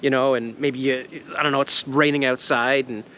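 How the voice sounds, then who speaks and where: A man's voice: mid-range voice, flat delivery, moderate pace, sharp tone. A Canadian man chatting casually in an outdoor vlog, rambling and joking, laughing often and swearing casually. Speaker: vlogger. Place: outdoors in the woods at a sap boil.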